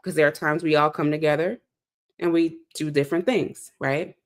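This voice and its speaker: A woman's voice: deep voice, fairly even intonation, normal speed. A woman from the South Side of Chicago, hosting and speaking in an impassioned monologue with an emphatic, preacher-like delivery that repeats key phrases. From South Side of Chicago, USA. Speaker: host and speaker.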